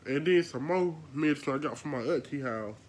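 A woman's voice: low-pitched, lively intonation, brisk, a little mellow, slight background noise. A woman vlogging at home into a phone camera, chatting casually to her viewers and sounding congested from sinus trouble. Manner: chatty, talks to viewers as y'all. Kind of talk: casual vlog chat to viewers.

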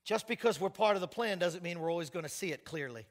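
A middle-aged man preaching a sermon in a church, telling stories and swinging from quiet asides to shouted praise. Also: high-pitched, lively intonation, quick pace. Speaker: pastor.

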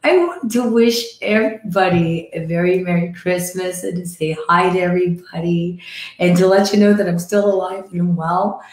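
Croaky woman on a livestream, kinda hoarse, chatty, greeting people, echoey room. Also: on the low side, steady tone, normal speed, darkish tone. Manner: chatty, greets viewers by name. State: hoarse from croup. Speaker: livestream host. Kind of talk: casual live chat with viewers. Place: decorated home room.

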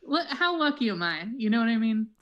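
A woman's voice: fairly high pitch, big pitch swings, brisk, highs cut off. A woman playing a smug, boastful male tech billionaire with a put-on South African accent, in an online improv comedy show. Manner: smug, mocking. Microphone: computer mic on a video call.

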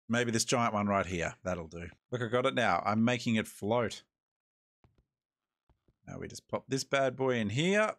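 Laid-back Australian man, low voice. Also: expressive, moderate pace, pauses often, a bit bright, no room sound. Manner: laid-back, joking, talks to himself. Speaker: gaming host. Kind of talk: let's-play commentary.

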